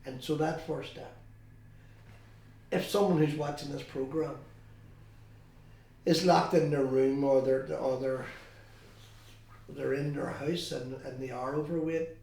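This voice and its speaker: A man interviewing a guest, asking measured, encouraging questions. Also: medium pitch, steady tone, dark tone. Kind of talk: conversational interview. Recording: echoey room, heard from a distance.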